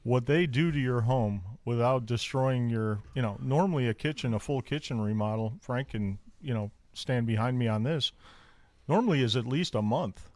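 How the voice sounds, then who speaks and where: A man's voice: mid-range voice, normal speed, a little mellow, no room sound. A man who runs plumbing crews, vouching enthusiastically for a partner on a radio show. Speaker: plumbing contractor guest. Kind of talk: casual radio talk.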